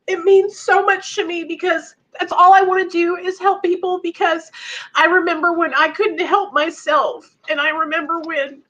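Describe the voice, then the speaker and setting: Woman hosting a live stream, very high bright voice, tearful and heartfelt, muffled audio. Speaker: recovery channel host.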